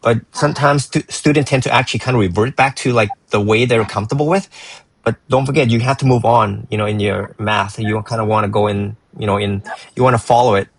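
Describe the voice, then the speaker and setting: Husky-voiced man tutoring math. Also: lowish voice, fairly even intonation, brisk, no room sound, rough recording. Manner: encouraging, rambling with frequent restarts. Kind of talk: reviewing a student's work.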